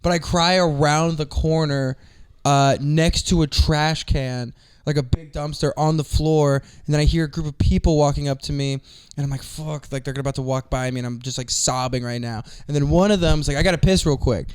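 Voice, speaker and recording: A male comedian telling a story on a podcast in a casual, animated way, swearing often and laughing through his words. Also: fairly high pitch, moderate pace, smooth. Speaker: comedian guest.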